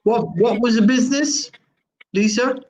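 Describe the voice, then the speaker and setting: A man's voice: very high voice, unhurried, darkish tone. A male radio host interviewing a caller, pressing with repeated questions. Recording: roomy studio echo.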